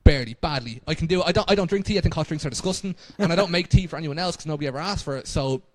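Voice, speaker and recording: A man's voice: fairly high pitch, rapid-fire, dry recording. Man in his 20s, podcast co-host, self-mocking rambler, dry close sound. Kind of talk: casual chat.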